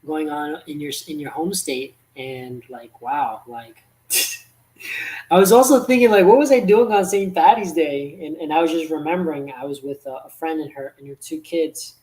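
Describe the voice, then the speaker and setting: A channel host running a casual interview at a middling pitch. The host talks hesitantly, often restarting sentences. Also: moderate pace, darkish tone, rough recording.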